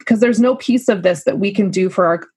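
Lactation consultant lady chatting, kinda breathy husky voice, dry close sound. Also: medium pitch, fairly quick, a little mellow, no room sound. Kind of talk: casual podcast conversation.

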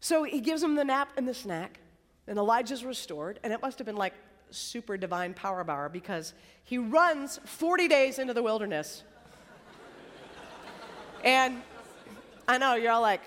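A woman preaching a sermon at a college worship service in a conversational, chatty way, sometimes dropping to a soft whisper. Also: on the high side, expressive, normal speed, in a large hall. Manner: conversational, chatty, tag questions and "like"; drops to a soft whisper for emphasis. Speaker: campus preacher.

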